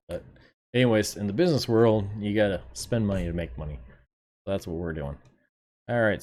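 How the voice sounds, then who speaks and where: A man's voice: fairly low pitch, a little mellow. A man streaming a game, chatting casually to his viewers, laid-back and swearing now and then. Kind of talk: casual live gameplay commentary.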